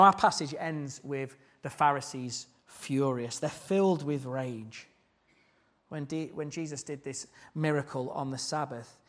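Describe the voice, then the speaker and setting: A man preaching a sermon, earnest and putting questions to the congregation. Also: a little high.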